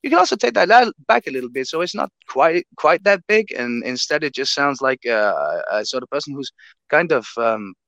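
A man's voice: medium pitch, animated, moderate pace, pushed and bright, dry recording, dull audio. A man in casual podcast chat, talking emphatically and swearing freely.

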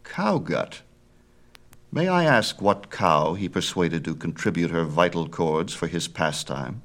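A man's voice: sits low, lively intonation, unhurried, a bit bright, exaggerated voice. A male reader voicing a proud, imperious sun god in a storybook myth, speaking with lofty disdain. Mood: haughty. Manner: haughty, imperious. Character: haughty, grand sun god, young man.

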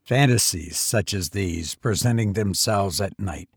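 A man narrating a gothic tale as a dramatic reading, with a solemn, measured delivery. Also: deep voice, slightly rough, dry recording, studio quality.

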